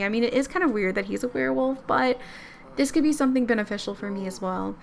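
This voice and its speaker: A woman's voice: on the high side, quick pace, vocal fry, slight background noise. A young woman narrating a life-sim let's-play, chatty and storytelling, often laughing. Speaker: game streamer.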